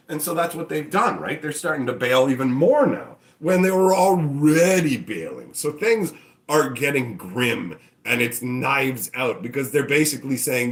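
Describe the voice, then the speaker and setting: A man's voice: mid-range voice, big pitch swings, normal speed. A man hosting his own channel, ranting casually and profanely and acting out mocking voices. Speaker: channel host. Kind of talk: casual opinion rant.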